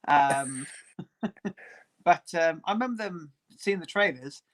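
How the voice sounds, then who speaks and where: Chatty man, fairly high voice. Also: animated, slow pace. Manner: chatty, laughs easily, friendly. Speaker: guest. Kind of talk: casual chat on a live stream.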